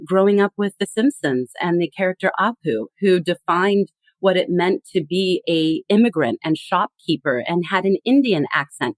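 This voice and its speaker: A woman guest on a podcast, explaining with animated emphasis in a conversational tone. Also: mid-range voice, no room sound. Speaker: guest expert.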